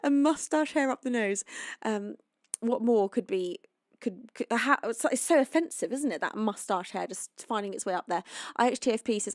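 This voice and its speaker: A woman's voice: medium pitch, no room sound. A young woman from the UK chats to her live stream audience in a rambling, friendly way. She sounds a little tired and sleepy. Her voice sits in a middle range and is recorded close and dry, with no room sound. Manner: chatty, rambling, greets viewers warmly. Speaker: singer-songwriter streamer. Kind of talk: casual chat with live chat.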